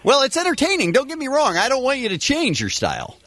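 A man's voice: very high voice, huge pitch swings, fast, a bit bright, dry recording. A male radio host in a studio, teasing a guest with incredulous, laughing questions. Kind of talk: morning radio banter. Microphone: studio mic.

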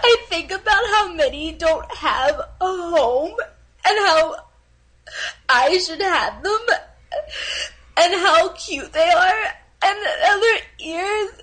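A young woman playing a nervous, overemotional cat lover recording a dating video, halting and tearful with many ums. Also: on the high side, fairly bright tone, breathy edge, exaggerated voice, rough recording. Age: young adult. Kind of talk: comedic online video acting.

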